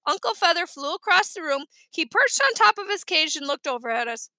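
Bright-voiced woman reading a storybook. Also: very high voice, brisk, no room sound. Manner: lively, expressive storytelling. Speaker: audiobook reader. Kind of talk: storybook narration.

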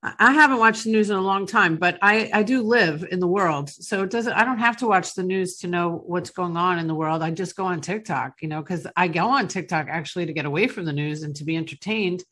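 A woman hosts a casual podcast chat with a bright, forward voice. She talks in a fervent, emphatic way and gets emotional. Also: lowish voice, fairly quick, hardly any pauses. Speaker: podcast host.

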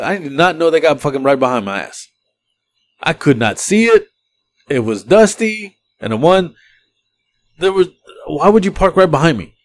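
A man hosting a podcast, telling a story casually and profanely, acting out the people he quotes. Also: on the high side. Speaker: podcast host.

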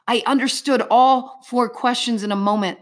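A woman's voice: a little high, fairly even intonation, normal speed. A middle-aged woman giving an earnest personal faith testimony as an interview guest, telling her story vividly in the present tense.

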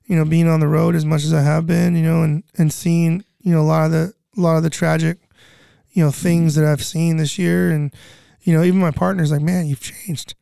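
This guest, a disaster relief cook in his thirties, chats casually about relief work, rambling with many "you know" fillers and swearing. His voice is fairly high, gravelly yet warm and smooth, a little fast with little pitch movement, recorded in clean studio sound without echo.

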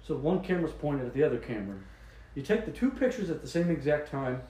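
A man co-hosting a podcast, rambling through absurd mock explanations in a deadpan way and laughing at his own jokes. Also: fairly high pitch, fast talker, reverberant, low-quality recording. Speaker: podcast co-host. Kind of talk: joking casual chat.

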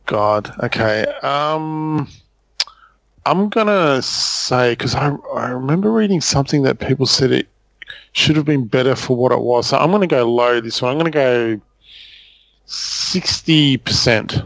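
A man's voice: mid-range voice, lively intonation, unhurried, vocal fry, a bit bright, no echo. A man, an easygoing contestant who hesitates over his guesses. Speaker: quiz contestant. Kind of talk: casual chat.

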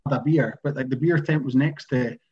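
A man's voice: medium pitch, moderate pace, a little mellow. A Scottish man in casual podcast chat, speaking emphatically and opinionated about football. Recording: dull lo-fi sound.

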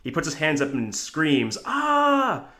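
A man's voice: mid-range voice, fairly quick, fairly bright tone. A man co-hosting a casual movie review podcast, pointing out small production details and trivia. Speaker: podcast co-host. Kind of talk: casual film review chat.

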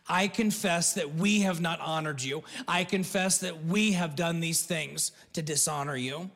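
A high-pitched man from the United States delivers a conversational sermon, acting out the lines he quotes as he goes. His voice trails off into a long reverb, as if he were in a large hall. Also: moderate pace, fairly bright tone. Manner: conversational preaching with restarts and acted-out quotes. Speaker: pastor.

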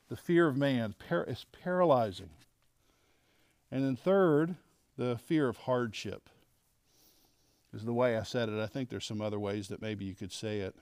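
A middle-aged man teaching a Bible lesson to men, animated and acting out quoted lines. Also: on the high side, moderate pace, no room sound, clean studio sound. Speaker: men's leadership teacher.

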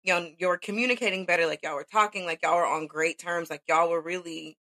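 A woman's voice: on the low side, steady tone, fast, sharp tone, no room sound. A woman co-hosting a podcast, talking in a supportive, conversational way in a casual chat, with frequent "like". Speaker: podcast co-host.

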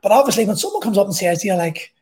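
A man's voice: high voice, lively intonation, very fast, darkish tone. A middle-aged man with a Belfast accent, telling a personal story in a blunt, sweary, rambling way. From Northern Ireland.

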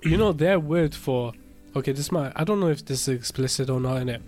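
A man's voice: fairly high pitch, fairly quick, darkish tone, faint music behind. A young man, chatting casually as a podcast co-host, peppering lines with tags and frequent laughter. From United Kingdom. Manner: slangy, laughs often, tags lines with innit. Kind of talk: casual chat.

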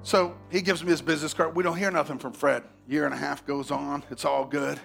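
A male pastor preaching a sermon, telling a story with animated swings from hushed asides to shouts. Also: a little high, brisk, creaky, soft background music.

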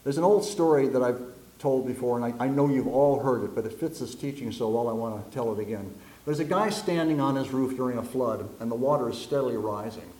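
A man's voice: medium pitch, a little fast, mellow. A man preaching a sermon, telling jokes and stories and acting out the voices in them. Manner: folksy storyteller, acts out voices in jokes. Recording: echoey room.

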